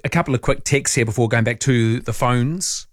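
Wry Italian-accented radio host. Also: male voice, medium pitch, moderate pace, dry recording, faint music behind. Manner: dry, wry asides. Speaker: radio talk show host. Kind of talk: late-night talk radio, reading listener texts. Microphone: studio microphone.

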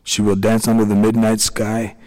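A man voicing a kindly middle-aged tiny man who leads the little people, speaking in a slow, soothing, gentle way. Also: on the low side, completely flat delivery, in a large hall, natural voice.

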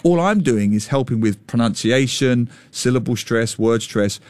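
A man hosting a radio talk show, his pitch swinging widely as he makes his points. He sounds opinionated and animated, close to a studio microphone in a dry, dead room. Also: normal speed, no echo. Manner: animated, opinionated, mimics voices in anecdotes.

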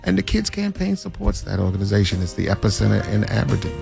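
A man's voice: on the low side, very animated, fast talker, creaky, over music. A man as a charity guest on morning radio, earnest and explaining, on a studio mic.

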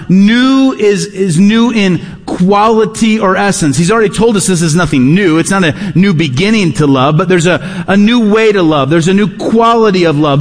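High-voiced preacher in a reverberant hall. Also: male voice. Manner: emphatic preaching, repeats key phrases, drops low at phrase ends. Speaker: pastor. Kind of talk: sermon. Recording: long reverb of a large hall.

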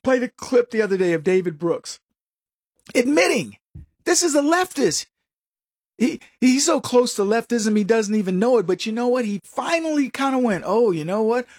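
A man's voice: extremely high pitch, lively intonation, normal speed, no room sound, clean studio sound. A man hosting a political opinion show, talking in a combative, sarcastic monologue and mocking his opponents. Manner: combative, sarcastic, mocks opponents in put-on voices. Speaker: political commentary show host.

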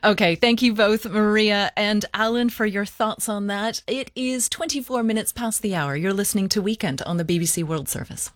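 A woman presenting a weekend radio news program, running interviews in a measured, friendly tone. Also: mid-range voice.

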